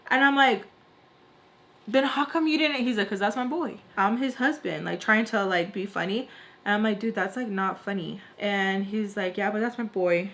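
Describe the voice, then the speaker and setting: A woman's voice: medium pitch, moderate pace, fairly bright tone. A young woman vlogger telling a casual storytime, chatty, filling her speech with "like" and acting out what others said. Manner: chatty, heavy use of "like", acts out quoted lines.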